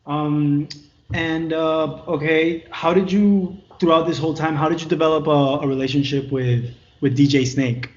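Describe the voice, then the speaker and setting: A man's voice: on the high side, fairly even intonation, normal speed, dull audio. A man interviewing a guest, stumbling and hesitating as he asks his question.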